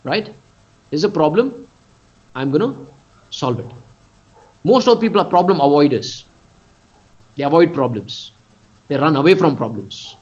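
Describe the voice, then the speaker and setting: An Indian man in his forties leads a motivational webinar in a slightly raised, husky voice. He is emphatic, draws out key words and keeps firing questions at his audience. The audio is dull and lo-fi, as from a computer mic on a video call. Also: a little high, lively intonation, normal speed, long pauses, darkish tone. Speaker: business coach.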